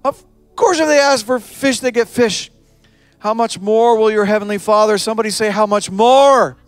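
Animated high-voiced male preacher. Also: normal speed, clean tone, no room sound, soft background music. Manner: animated preaching, acts out voices of parents, children and Jesus. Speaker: pastor. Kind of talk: sermon.

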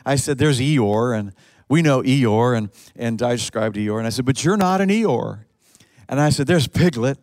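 A man preaching a sermon, telling a story with lively acted-out quotes and frequent restarts. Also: mid-range voice, dry recording. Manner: animated storyteller, acts out quotes, many restarts. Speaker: pastor.

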